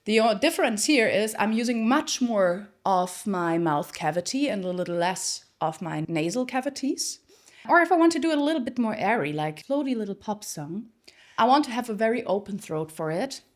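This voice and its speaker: A woman's voice: mid-range voice, very animated, normal speed. A woman voice coach explaining singing technique step by step, with a slightly turn of phrase, now and then breaking into short sung examples. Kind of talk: singing lesson with sung demonstrations.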